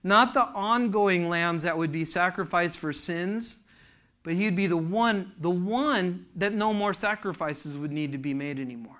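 A man's voice: high-pitched, measured pace, fairly bright tone. A man preaching a sermon to a congregation in a church, fervent and asking the room questions. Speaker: pastor.

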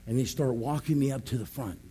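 A man's voice: mid-range voice, fairly quick, mellow, a little hiss or hum. A man preaching as a pastor, telling a story animatedly, acting out voices, laughing and calling out "amen". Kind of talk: sermon storytelling.

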